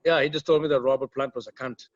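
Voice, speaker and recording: A man's voice: medium pitch, fairly even intonation, quick pace, no room sound. A man from South India, a musician guest telling stories in a casual interview, rambling and swearing, with lots of fillers and restarts. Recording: dull, dry, lo-fi sound.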